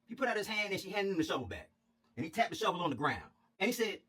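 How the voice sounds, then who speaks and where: A man telling a spiritual parable as an animated, profane storytelling monologue. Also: sits high, racing, slightly rough. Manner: irreverent, animated, heavy swearing.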